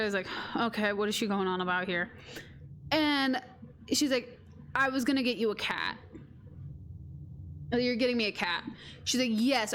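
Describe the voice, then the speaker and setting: A woman's voice: fairly high pitch, fairly bright tone, slight background noise. A woman streamer casually telling a rambling story, chatty and quoting others as she goes. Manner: rambling, chatty, quotes her sister. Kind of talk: casual storytelling while gaming.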